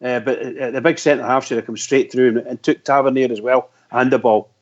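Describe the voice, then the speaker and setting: A man's voice: mid-range voice, steady tone, a little fast. A man giving casual football analysis in an exasperated, rambling way. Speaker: pundit. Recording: lo-fi online call audio.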